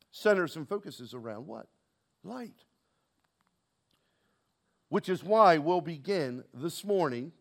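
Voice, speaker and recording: Pastor, male, high voice, preaching a church sermon with call-and-response. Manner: rhetorical questions to the congregation, call and response.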